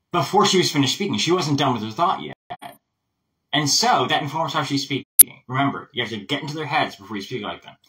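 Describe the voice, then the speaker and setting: A man's voice: on the high side, distant mic, rough recording. A man giving a casual voice lesson, chatty and full of asides. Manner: chatty, animated, explains with lots of asides. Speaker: voice coach.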